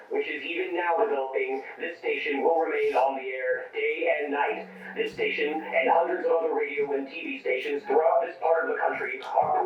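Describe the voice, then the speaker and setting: A man's voice: a little high, recorded from a distance, close to an everyday voice. A man playing a grave emergency newscaster. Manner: measured, official and grave. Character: formal emergency radio newscaster. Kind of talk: formal news bulletin. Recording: muffled broadcast in echoey hall from afar, audience around.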